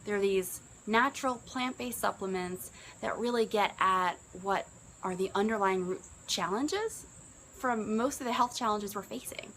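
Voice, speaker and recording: A woman in her early forties speaks at normal speed in a mid-range, somewhat bright voice over slight background noise in a low-quality recording. A business coach, she gives an earnest, conversational testimonial about her own life, rising in pitch when quoting herself.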